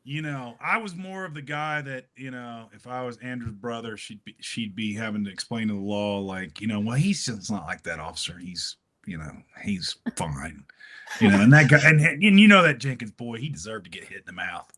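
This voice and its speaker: Blunt joking man from Texas, bright forceful tone. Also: mid-range voice, lively intonation, a little fast, hardly any pauses. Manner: blunt, joking, many fillers. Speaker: guest, writer. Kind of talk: casual interview chat.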